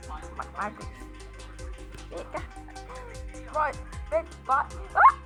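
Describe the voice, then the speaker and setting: A woman chatting casually with friends while playing a game, excitable and prone to panicked yelps. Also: on the high side, slow, pauses often. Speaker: gamer. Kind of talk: casual gameplay commentary with friends. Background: game music.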